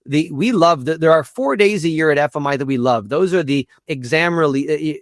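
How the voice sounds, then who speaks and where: Earnest guy in an interview, kinda gravelly, repeats himself a lot, dry close sound. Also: on the high side, a little fast, no room sound. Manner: earnest, repeats words while thinking. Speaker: guest, institute executive director. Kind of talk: conversational interview.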